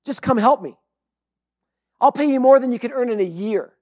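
A man's voice: high voice, animated, a little fast, pitched above the performer's own voice. A male preacher voicing an insistent hunter who presses and bargains, in an urgent, pushy way. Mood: pressing.

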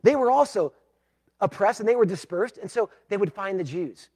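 A pastor preaching a sermon, emphatic, moving between loud declarations and hushed, pleading passages. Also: male voice, sits high, expressive, moderate pace.

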